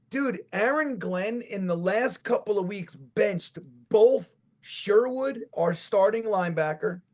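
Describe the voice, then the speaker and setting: A man co-hosting a casual sports podcast with a New York accent, talking in an animated, profane rant that builds to shouts. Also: high-pitched. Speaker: podcast co-host.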